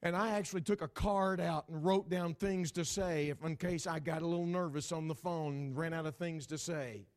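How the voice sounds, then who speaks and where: Fiery preacher, rather high male voice. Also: fairly even intonation, moderate pace, hardly any pauses. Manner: dramatic preaching, swinging from loud outbursts to hushed near-whispers; addresses the audience directly, repeats and restarts words. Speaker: pastor. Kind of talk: sermon.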